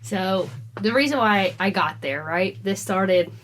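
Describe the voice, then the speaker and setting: A woman co-hosting a podcast, telling a story in a casual, animated way and acting out the dialogue. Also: medium pitch, measured pace, slight background noise. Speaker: podcast co-host.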